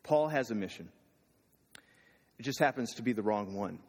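A man's voice: on the low side, animated, normal speed, darkish tone. A man preaching a sermon in a casual, conversational way, asking the listeners questions. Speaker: pastor. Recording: long reverb of a hall.

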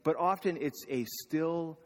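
A man's voice: fairly high pitch, a little slow. A man preaching a sermon in a casual, conversational way, asking the listeners questions. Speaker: pastor. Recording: long reverb of a hall.

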